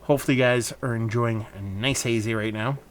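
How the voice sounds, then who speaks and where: A man's voice: medium pitch, fairly even intonation, fairly quick, slight background noise. Loose, swearing beer-review vlogger man. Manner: loose, profane, rambling. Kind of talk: casual beer review vlog.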